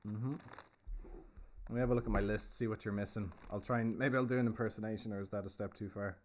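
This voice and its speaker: A man's voice: on the low side, steady tone, fast talker, a little mellow, a little hiss or hum. A man hosting a casual virtual pub tour from inside a pub. He chats and jokes while checking audience answers in a quiz. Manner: chatty, joking, confirming audience answers. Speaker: host and pub guide.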